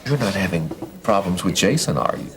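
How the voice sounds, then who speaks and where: An actor playing a probing, measured man in a TV drama, pressing with careful questions. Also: sits low, lively intonation, a crowd in the background. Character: low-voiced, probing male confidant. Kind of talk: daytime TV drama acting. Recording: noisy TV recording.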